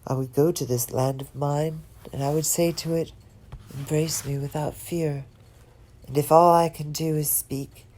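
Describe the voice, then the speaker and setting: A woman giving a slow, dramatic poetry reading, expressive and dropping some words to a whisper. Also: sits low. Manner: lingers on and repeats single words. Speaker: poetry reader.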